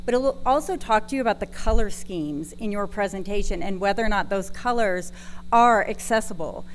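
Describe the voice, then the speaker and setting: A woman's voice: medium pitch, a little fast, a little hiss or hum, poor audio. A woman from Texas presenting a conference session, talking in a chatty, self-deprecating way with some restarts. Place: conference room.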